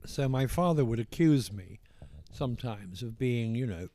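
Posh English older man, mellow voice. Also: medium pitch, expressive. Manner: measured, hesitant, circles back with restarts. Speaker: author being interviewed. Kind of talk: reflective interview conversation.

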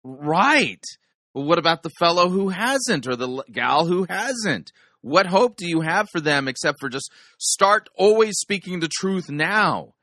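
A man cuts into a sermon recording with blunt doctrinal commentary. His voice is bright and forceful, recorded dry and close with no room sound. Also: sits high, sing-song, unhurried, no room sound. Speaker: sermon reviewer.

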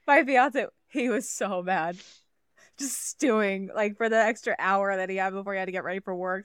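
A woman co-hosting a podcast, giggling, swearing and rambling in casual chat while high. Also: normal speed, clear, resonant tone, dry recording, clean studio sound. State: high on cannabis. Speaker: podcast co-host.

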